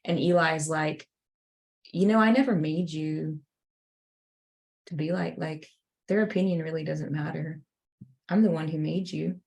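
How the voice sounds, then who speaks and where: Low-pitched and unhurried, with vocal fry and long pauses, a woman spins a story on the casual faith podcast she co-hosts. She's an animated narrator who leans heavily on "like" and slips into quick acted-out voices.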